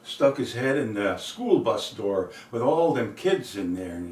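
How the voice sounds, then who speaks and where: An older man telling a folksy story in a rambling, unhurried way, filling gaps with "you know" and "uh", heard from a distant mic in an echoey room with faint accordion behind. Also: on the low side, sing-song, a little mellow. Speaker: storyteller and singer.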